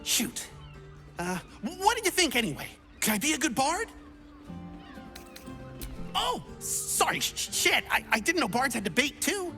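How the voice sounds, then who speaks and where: A woman's voice: sits high, very animated, unhurried, pauses often, bright, forceful tone, soft background music, heavily acted. A woman voicing a bubbly, silly young adventurer in a video game who keeps trying out new classes and talks in a playful, theatrical, teasing way.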